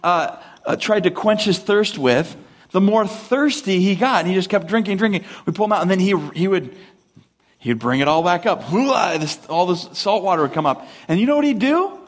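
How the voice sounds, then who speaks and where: A man preaching a sermon, animated, asking rhetorical questions and acting out the voices of complainers. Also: high voice, normal speed. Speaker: pastor.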